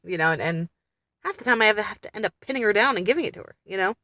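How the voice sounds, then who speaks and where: A woman's voice: medium pitch, lively intonation, racing, bright, forceful tone, no echo. A woman chatting candidly to camera as a mother, blunt and often laughing as she talks. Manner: exasperated, blunt. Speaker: mother vlogging about family therapy. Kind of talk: casual vlog chat.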